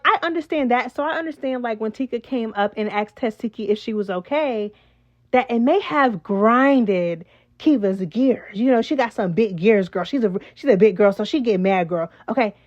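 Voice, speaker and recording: Sassy high-voiced woman dishing gossip. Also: dull audio. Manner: chatty, sassy, says "child" and "girl" a lot. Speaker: reality TV recap host. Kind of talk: casual gossip commentary.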